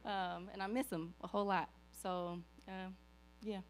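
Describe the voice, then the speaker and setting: A woman's voice: mid-range voice, steady tone, measured pace, a little hiss or hum. A woman giving a eulogy for her father, telling a family story with hesitant fillers and small laughs. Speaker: eulogy speaker, daughter.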